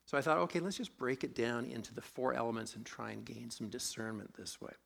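A man's voice: mid-range voice, a little fast, vocal fry, a bit bright, slightly rough. A man preaching a sermon, conversational and self-deprecating, with a sore throat, asking his congregation questions as he goes. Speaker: pastor.

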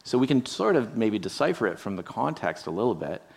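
Man, pastor, low voice, conversational sermon, rhetorical questions, addresses listeners. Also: big pitch swings, a little fast, vocal fry, darkish tone. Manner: musing, rhetorical asides, frequent "right?".

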